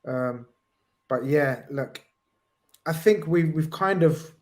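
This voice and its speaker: A man co-hosting a casual live stream, reading viewer messages and bantering in a playful, animated way. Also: fairly high pitch, takes it slowly.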